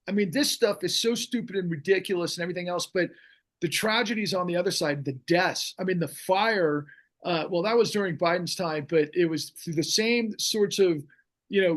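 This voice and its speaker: Middle-aged guy with a high voice, fired up and rambling on politics. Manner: ranting, fiery, rambling with restarts. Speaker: podcast host. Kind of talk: impassioned political talk.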